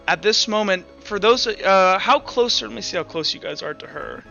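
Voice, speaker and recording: Bright-voiced man running a tabletop game. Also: high-pitched, animated, normal speed, creaky, hardly any pauses. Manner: casual, with fillers and restarts. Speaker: game master. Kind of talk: narrating a tabletop role-play. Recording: dull audio, faint background music.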